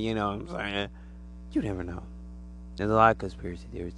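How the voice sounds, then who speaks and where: A man giving a rambling, animated conspiracy monologue to the camera, acting out imagined voices as he goes. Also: lowish voice, a little fast, long pauses, slight background noise.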